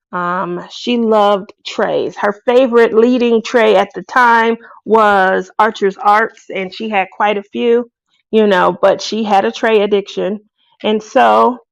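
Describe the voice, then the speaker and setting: A woman's voice: medium pitch, slow pace, creaky, no room sound. A woman hosting a craft video, chatting casually to her viewers and laughing often. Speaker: craft channel host.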